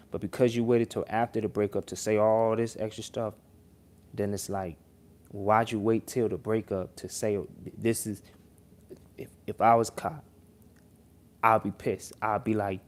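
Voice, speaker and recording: Rambling low-voiced man reacting on stream. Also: flat delivery, a little slow. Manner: rambling, conversational, lots of restarts and slang. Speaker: livestream reaction host. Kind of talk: casual reaction commentary.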